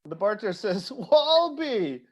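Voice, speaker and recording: A woman's voice: medium pitch, a little fast, slight background noise. A woman improv performer telling a short joke over a video call in a plain, clipped way.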